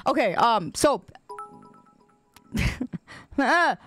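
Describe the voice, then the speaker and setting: Giggly high-voiced woman streamer. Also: animated, normal speed, dry recording, faint music behind. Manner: giggly, playfully teasing, laughs often. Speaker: live streamer chatting with viewers. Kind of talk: casual chat with stream viewers.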